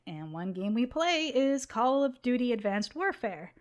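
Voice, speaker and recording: A young woman co-hosting a casual gaming podcast, chatty and quick to laugh. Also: a little high, sing-song, muffled recording. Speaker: podcast co-host.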